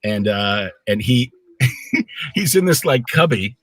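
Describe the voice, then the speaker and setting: A middle-aged man appearing as a guest on a casual live stream tells anecdotes slowly in a medium-pitched voice, animatedly acting out the voices within them. The recording is dry, with faint music in the background.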